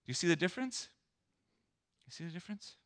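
A man preaching a sermon as a pastor, animated, acting out scenes and asking the listeners questions. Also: a little high, fast. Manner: animated, acts out scenes, asks the audience questions.

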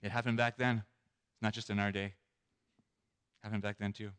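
A man preaching a sermon as a pastor, animated, acting out scenes and asking the listeners questions. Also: lowish voice, normal speed, clear, resonant tone. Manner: animated, acts out scenes, asks the audience questions.

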